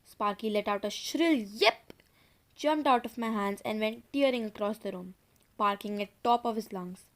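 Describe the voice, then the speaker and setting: A woman's voice: mid-range voice, moderate pace. A woman narrating a children's horror audiobook in a suspenseful storytelling manner, now and then speaking directly to her listeners. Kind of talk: dramatic audiobook reading.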